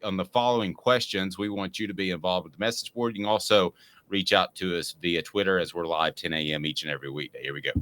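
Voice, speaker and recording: A man's voice: low-pitched, fast, sharp tone. A man hosting a casual sports talk show, upbeat and steering the chat with questions to his co-host.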